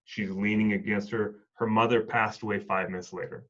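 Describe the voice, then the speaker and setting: Low-voiced man telling stories, lo-fi. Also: fairly even intonation, a little fast, fairly bright tone. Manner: reflective, acts out dialogue in stories. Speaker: hospice and home health worker, former Marine. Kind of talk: casual storytelling conversation.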